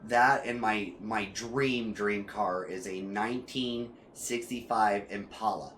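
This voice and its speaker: His voice sits on the low side and moves slowly as he streams casual commentary over gameplay, with a bit of background noise. Cars get him excited and loud, and his talk wanders with many fillers and false starts.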